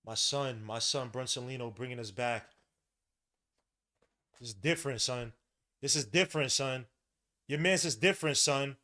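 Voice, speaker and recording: A man hosting a casual live watch-along of a basketball game, slangy and swearing, shouting at big plays and muttering at bad ones. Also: medium pitch, normal speed. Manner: excitable, swings from loud hype to muttered grumbling. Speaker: podcast host. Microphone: headset mic.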